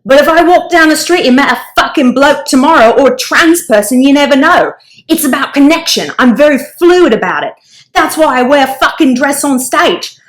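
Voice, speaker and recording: A woman's voice: high voice, lively intonation, moderate pace, pitched above the performer's own voice. A woman putting on the accent of a brash young male rock singer who swears bluntly. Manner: crude, blunt, put-on accent.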